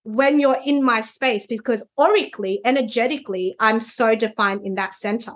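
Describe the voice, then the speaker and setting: Woman explaining with a bright, high voice. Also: normal speed. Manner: explains patiently, often checks in with "right?". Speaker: Human Design reader, guest. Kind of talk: explanatory conversational chat.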